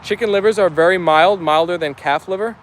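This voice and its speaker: A man's voice: sits high, a little fast. A young man from New Jersey with a New York Italian accent, chatting casually while reading live-stream comments aloud, upbeat and full of fillers. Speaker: vlogger reading live chat.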